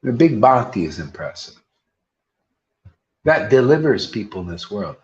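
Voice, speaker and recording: A man giving an informal devotional sermon as a spiritual teacher, animated and joking in a preacherly way. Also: lowish voice, unhurried, highs cut off.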